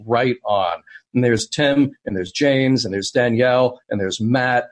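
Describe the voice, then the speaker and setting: A man's voice: medium pitch, unhurried. A man co-hosting a live podcast, chatty and friendly, a little under the weather. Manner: chatty, friendly, reads out listener comments. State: under the weather, slightly congested. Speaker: podcast co-host.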